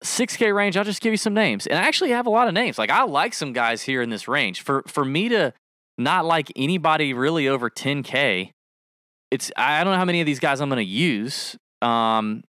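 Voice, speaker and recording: A man's voice: fairly high pitch, animated, normal speed, pushed and bright, dry recording, studio quality. A man co-hosting a podcast, chatting casually and jokingly, rambling and correcting himself as he goes. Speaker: podcast co-host. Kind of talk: casual fantasy sports chat.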